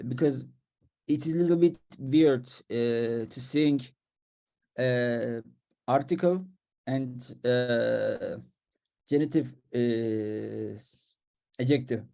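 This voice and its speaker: Man, student, dark gravelly voice, hesitant, lots of uhs, video call. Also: medium pitch, slow pace, long pauses. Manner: hesitant, many uhs, unsure. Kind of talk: answering in an online class.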